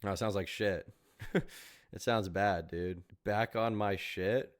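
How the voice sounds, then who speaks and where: A man's voice: lowish voice, steady tone, slow pace, clean tone, dry recording, clean studio sound, faint music behind. A man streaming reaction commentary, mocking and incredulous, swearing often and breaking into laughter.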